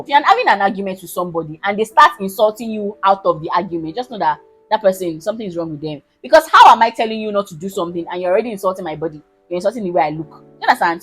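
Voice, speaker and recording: Husky young Nigerian woman telling a story. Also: medium pitch, low-quality recording. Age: 20s. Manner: animated, emphatic, keeps asking listeners if they understand. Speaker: vlogger. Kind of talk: casual storytelling.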